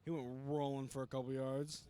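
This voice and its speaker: A man co-commentating a high school football game outdoors in a casual, upbeat way. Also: flat delivery, a little fast, dark tone, smooth. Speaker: color commentator. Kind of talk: sports commentary.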